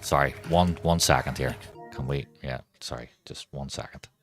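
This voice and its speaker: Very deep-voiced man streaming a game. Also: moderate pace, soft background music. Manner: rambling, swears freely, talks to chat. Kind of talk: casual live-stream chat.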